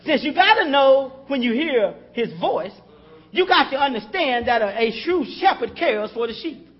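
A man's voice: very high voice, animated, normal speed, slightly rough, muffled recording. A man preaching a sermon in a conversational style, calling out to the congregation and chuckling as he talks.

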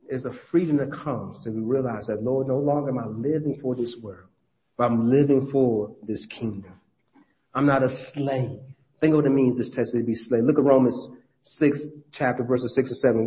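A male pastor preaching a sermon in a conversational, folksy way, with frequent restarts. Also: medium pitch. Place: church. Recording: dull lo-fi church audio.

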